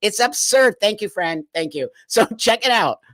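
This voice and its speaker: A man's voice: high voice, animated, normal speed, fairly bright tone, no echo. A man hosting a live stream, commenting bluntly and mockingly and laughing often.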